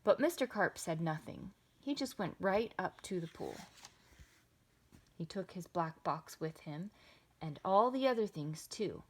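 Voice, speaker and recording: A woman reading a children's picture book aloud with expressive, sing-song delivery. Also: on the low side, a little slow, husky. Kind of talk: children's storybook read-aloud.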